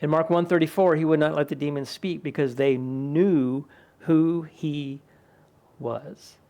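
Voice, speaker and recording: A man preaches to his congregation in a church sanctuary, easy and conversational. His voice sits a little high with a gravelly edge. When he quotes the crowds in the gospel, he livens up and plays their questions out. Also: measured pace. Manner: conversational, animated when quoting scripture voices. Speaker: pastor. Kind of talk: sermon.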